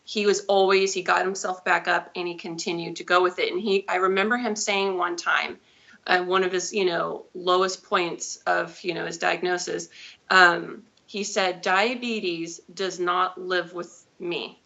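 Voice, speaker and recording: A woman's voice: fairly low pitch, level tone, moderate pace, creaky, bright, forceful tone. A woman in her thirties, a guest telling her own story in a live interview, chatty and rambling with self-corrections. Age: 30s. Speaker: guest, diabetes advocate. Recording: dull lo-fi audio.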